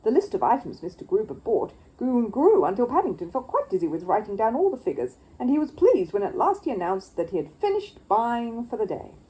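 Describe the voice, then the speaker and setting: A woman storyteller giving an expressive reading of a children's storybook. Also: fairly high pitch, fairly quick, few pauses, low-quality recording. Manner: expressive, lively narration.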